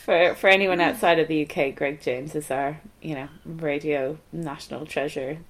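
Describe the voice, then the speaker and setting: A woman's voice: low-pitched, steady tone, moderate pace. A British woman co-hosting a food podcast, chatting casually and laughing often. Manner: giggly, chatty. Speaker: podcast co-host. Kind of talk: casual chat.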